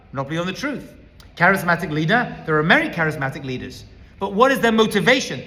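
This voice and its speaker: Male rabbi, emphatic teacher, sharp bright tone, long hall reverb. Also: high-pitched. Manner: emphatic, lecturing, builds points as a numbered list. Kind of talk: teaching talk.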